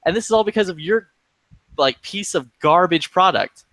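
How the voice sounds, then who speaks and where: A man telling friends a long angry story in a profane, animated, fast-building rant. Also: high voice, no room sound. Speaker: chat participant telling a story.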